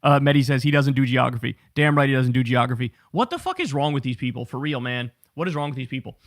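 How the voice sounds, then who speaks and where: A man hosting a political talk show, giving animated, profane commentary and mocking the people he talks about. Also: mid-range voice, fast talker, no echo, studio quality. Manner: profane, mocking and animated, laughing at his targets.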